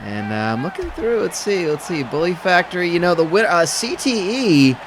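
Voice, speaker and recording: A man's voice: high-pitched, big pitch swings, normal speed, a crowd in the background. A man calling simulated football games for a stream, rambling and correcting himself as he goes, with dry humor and music playing behind. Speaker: play-by-play commentator. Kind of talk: simulated game commentary over a stream.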